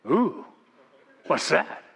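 A man's voice: extremely slow, a bit bright. A man voicing a greedy, boastful fish that gloats and chuckles over bait. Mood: gloating. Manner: gloating, chuckling, then yelping. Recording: long church reverb.

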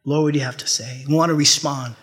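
A pastor preaching a sermon, emphatic and repetitive, with laughing asides. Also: male voice, a little high, fairly even intonation, fast, fairly bright tone. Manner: laughs at his own jokes.

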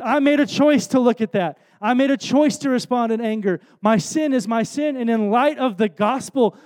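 A man in his thirties delivers a sermon with a strikingly high voice for a man. His preaching is earnest and conversational, with self-deprecating asides. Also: darkish tone.

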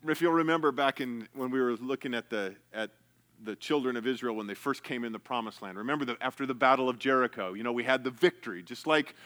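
Male pastor, bright tone, pitched a bit high, talky sermon style. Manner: conversational preaching with repetitions and asides.

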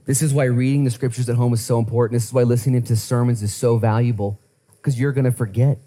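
A man preaching a sermon as pastor, animated, conversational and playful as he talks through scripture. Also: mid-range voice, fast talker.

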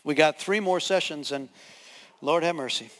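A male pastor delivers a sermon as a story, acting out the scenes with voices as he goes. His voice sits high. The sound carries the long reverb of a large hall. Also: normal speed. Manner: animated, acts out scenes with voices.

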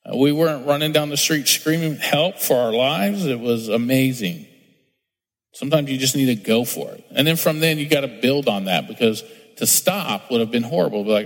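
A middle-aged man preaches to his congregation, talking casually and telling personal stories, often slipping into quoted voices. His voice sits at an ordinary middle pitch, and the sound rings with the long reverb of a large hall. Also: normal speed. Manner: storytelling with acted-out quotes, conversational. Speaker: pastor. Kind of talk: sermon. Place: church sanctuary.

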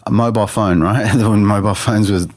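An interview guest recounts a personal story earnestly, restarting often and voicing his own thoughts as quoted lines. His lowish, slightly mellow voice moves fairly quickly with fairly even intonation, captured in clean studio sound with no room echo.

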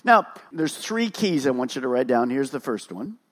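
A man's voice: medium pitch, sing-song, normal speed. A male pastor preaching a sermon at a church service, emphatic and full of rhetorical questions.

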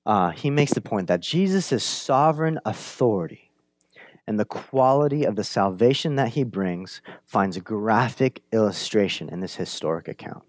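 A man preaching a sermon, conversational and animated, often asking "right?", swinging from emphatic bursts to hushed lines. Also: normal speed, dry recording. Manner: animated, builds up to emphatic high-energy retelling, drops to hushed low lines. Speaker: pastor.

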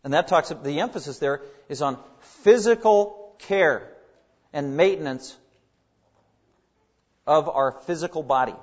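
A man's voice: on the high side, unhurried, long pauses, muffled recording. A man preaching a sermon, earnest and emphatic, leaning hard on key words as he builds his points. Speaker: pastor.

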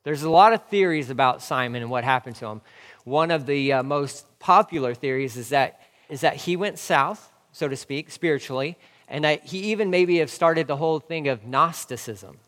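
A man preaching in a church, his voice sitting a bit high for a man and trailing off into a long hall reverb. He gets fired up, repeats key phrases and hammers rhetorical questions at the congregation. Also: normal speed, a bit bright. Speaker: pastor. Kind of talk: sermon.

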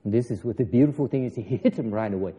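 A man giving a Buddhist teaching, animated and teasing, acting out dialogue with his students. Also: mid-range voice, fast. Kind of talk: dharma lecture with students. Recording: dull lo-fi recording in a reverberant hall.

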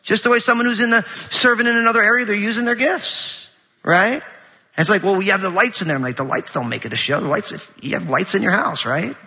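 A middle-aged man preaching a conversational sermon in a large church auditorium, animated and full of anecdotes with quoted dialogue. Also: sits high, a little fast, husky, in a large hall. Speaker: pastor.

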